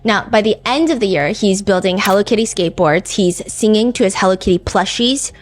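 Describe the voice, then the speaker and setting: A woman's voice: medium pitch, a little fast, soft background music. A woman hosting a podcast, telling a true-crime story in a casual, chatty way, full of "like" and "you know.". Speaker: podcast host.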